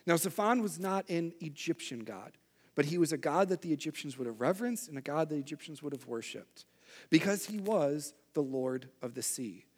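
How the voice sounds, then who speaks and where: Young male pastor, slightly high voice, conversational sermon with big animated swings. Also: normal speed, husky. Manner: conversational, animated with acted-out outbursts.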